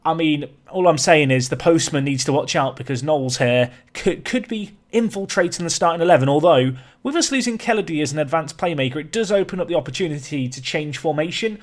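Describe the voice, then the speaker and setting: A young man talks through a football management game in a chatty, animated way, with his voice sitting a little high. He plays up mock outrage and often trips over and repeats his words. The delivery is casual gaming commentary from a series host. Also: a little fast. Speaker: let's-play host.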